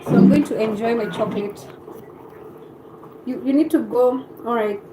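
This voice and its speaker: Kenyan woman, live-stream host, casual chat, answers viewers, fairly high voice. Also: normal speed, noisy background. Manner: chatty, answers viewer comments aloud.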